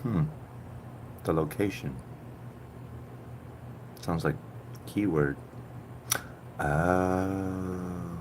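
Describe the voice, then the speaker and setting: A man in his thirties, originally from Puerto Rico, chats casually with viewers on a stream, joking and then dropping into quiet asides. His voice sits fairly low, and a faint hiss stays in the background. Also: moderate pace, long pauses. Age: 30s. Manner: joking, swings between loud bursts and low mutters. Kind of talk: casual live-stream chat.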